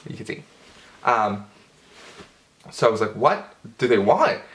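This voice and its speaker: A young man telling a storytime vlog, animated and profane, with dramatic outbursts. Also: fairly low pitch, a little slow. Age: young adult. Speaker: vlogger.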